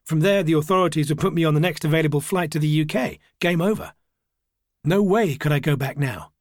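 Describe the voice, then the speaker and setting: A man reading a first-person story aloud as an audiobook, in a measured, wry and reflective manner. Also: fairly high pitch, no echo, clean studio sound. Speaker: audiobook narrator.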